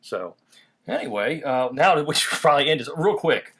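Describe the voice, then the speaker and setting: A man's voice: fairly high pitch, lively intonation, moderate pace, a bit bright, husky. A man hosting a casual toy review chat, laughing easily and restarting his sentences. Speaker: toy review channel host.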